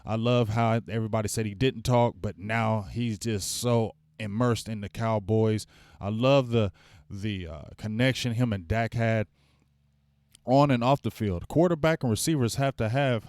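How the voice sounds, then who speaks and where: A man's voice: on the low side, moderate pace, darkish tone, no room sound, clean studio sound. A man hosting a casual live sports fan stream. He rambles, gets hyped and calls out to the chat viewers. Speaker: fan show host.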